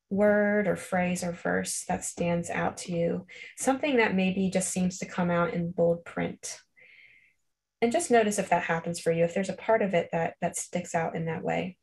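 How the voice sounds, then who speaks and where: A woman leading a guided Christian meditation, speaking gently and unhurriedly, with soft fillers as she talks. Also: mid-range voice. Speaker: counselor leading a meditation class.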